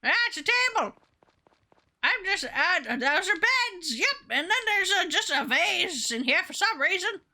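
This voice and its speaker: A woman streamer giving casual, excitable game commentary and swearing freely. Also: extremely high pitch, measured pace.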